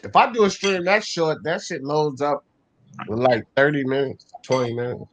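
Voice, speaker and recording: A man hosting a casual boxing call-in live stream, briskly calling on people and thanking viewers. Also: fairly high pitch, a little hiss or hum, low-quality recording. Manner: brisk, calls on people, acknowledges donations. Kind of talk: casual call-in talk show.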